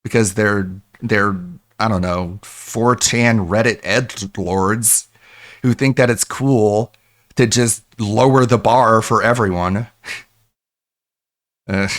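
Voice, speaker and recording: A man's voice: fairly low pitch, fairly bright tone. A man commenting sarcastically on a clip during a live stream.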